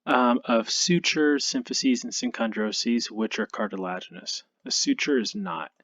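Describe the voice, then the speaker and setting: This recorded anatomy lecture features a man with a medium-pitched voice speaking at a measured pace, his audio dull with no room sound. He yawns and sounds tired, musing aloud in a relaxed, self-deprecating way with plenty of ums.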